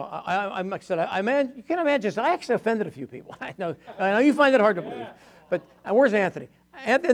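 An older man preaching to his church, telling personal stories in a chatty way, laughing often and acting out the voices of people he quotes. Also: high-pitched. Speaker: pastor. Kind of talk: storytelling sermon testimony.

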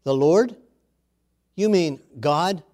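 A man voicing a desperate man hanging from a cliff branch, shouting and pleading in a high strained voice. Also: expressive, extremely slow. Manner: frantic high shouting for help.

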